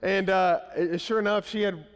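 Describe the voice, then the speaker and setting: A man's voice: high-pitched, normal speed, in a large hall. A male pastor in his thirties, preaching a conversational sermon full of anecdotes and restarts. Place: church sanctuary.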